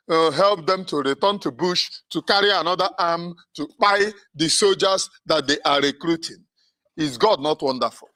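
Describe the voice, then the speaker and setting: High, bright man, indignant. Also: dry recording. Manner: indignant, sarcastic, halting with fillers. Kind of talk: impassioned political talk.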